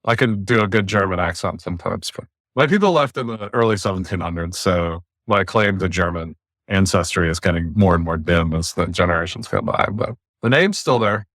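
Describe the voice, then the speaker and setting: Man from the US, podcast host, blunt and emphatic, low voice, dry sound. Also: fairly quick, fairly bright tone, no echo. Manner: blunt, emphatic, talks in long runs of argument. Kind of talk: opinionated casual podcast talk. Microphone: remote call.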